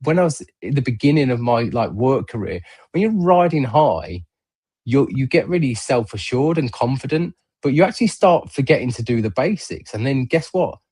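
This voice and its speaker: Brief: middle-aged male podcast host, average pitch, chatty and rambling, many fillers. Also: very animated, normal speed, mellow, slightly rough. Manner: rambling, filler-heavy storytelling. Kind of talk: casual chat. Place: remote podcast stream.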